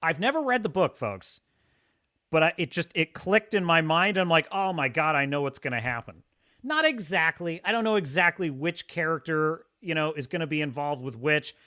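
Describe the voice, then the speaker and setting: A man hosting a casual livestream, rambling excitably and reading chat messages aloud. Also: on the high side, normal speed. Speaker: livestream host.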